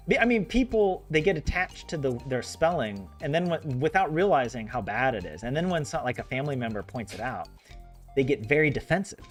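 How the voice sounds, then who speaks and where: A man streaming a farming game, chatting casually with viewers in a rambling way and laughing often. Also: medium pitch. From United States. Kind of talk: casual chat with live viewers.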